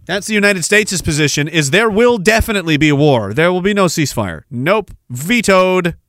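A man's voice: sits high, expressive, normal speed, a bit bright, dry recording, studio quality. Sarcastic ranting podcast host man. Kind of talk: casual political commentary.

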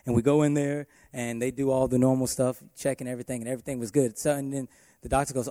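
Toned worship pastor preaching. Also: male voice, mid-range voice, flat delivery, fast talker, warm tone, no room sound, clean studio sound. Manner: storytelling, addresses congregation as y'all. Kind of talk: sermon.

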